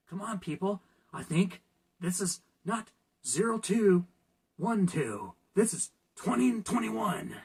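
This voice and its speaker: Man, casual vlog rant, sarcastic, gravelly voice, slightly raspy. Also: high-pitched, very animated, slow pace, a little mellow. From California. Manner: sarcastic, ranting, laughs at his own jokes. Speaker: vlogger.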